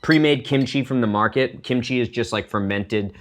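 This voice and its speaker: Speaking at a moderate pace in a mid-range voice, a middle-aged chef and cooking show host runs a laid-back demo. He's chatty, explains every step, and wanders off on jokey tangents.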